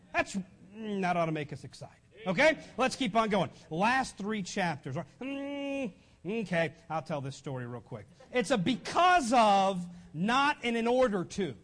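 A middle-aged man delivers a sermon in a high, lively voice that swings widely in pitch. He keeps it conversational, tossing questions and asides to the congregation as he preaches. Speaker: pastor.

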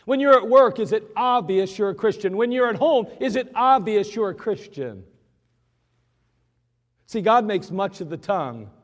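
Male pastor, high and lively delivery, dramatic storyteller, church echo. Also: moderate pace. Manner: dramatic, acts out scenes with voices. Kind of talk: sermon. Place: church sanctuary. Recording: long church reverb.

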